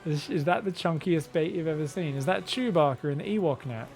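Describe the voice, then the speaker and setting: A man casting viewer-sent game replays in a casual, joking commentary style, often laughing and getting excited. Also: a little high, a little fast, creaky, soft background music. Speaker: game caster.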